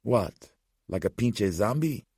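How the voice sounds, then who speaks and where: A defensive young street thug barks back, brash and profane, as a man puts him on. The voice stays deep with a gravelly edge. It is dry and close. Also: expressive, takes it slowly, darkish tone, dry recording, exaggerated voice. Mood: agitated.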